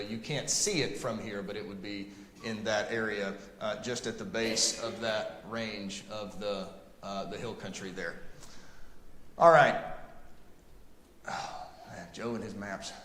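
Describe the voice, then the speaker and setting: A man teaching a Bible class, talking to the group in an animated, emphatic way. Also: mid-range voice, slight background noise. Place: church classroom. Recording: echoey room with long reverb.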